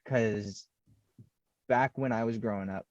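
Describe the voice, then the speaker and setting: A man from Toronto hosting a casual podcast interview, relaxed and jokey, recorded on a dull, dry lo-fi mic. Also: lowish voice, slow, a little hiss or hum. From Toronto, Canada. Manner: relaxed, jokey, affirming with "mm-hmm". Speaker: podcast host.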